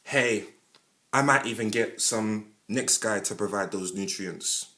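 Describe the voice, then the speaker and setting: A man with a London accent, giving a passionate monologue as a podcast host, speaking straight to the listener with plenty of slang and sudden loud bursts. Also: measured pace. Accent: London English. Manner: animated, switches between loud outbursts and low asides; heavy London slang, addresses listener directly. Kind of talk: impassioned monologue.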